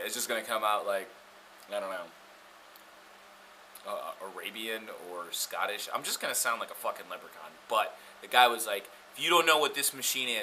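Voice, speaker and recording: A man with a very bright, sharp-edged voice talks straight to camera as a tattoo artist. He is blunt and foul-mouthed and keeps going off on rants, with a little steady noise in the background. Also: medium pitch, poor audio. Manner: blunt, profane, ranting. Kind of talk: casual talk to camera about gear.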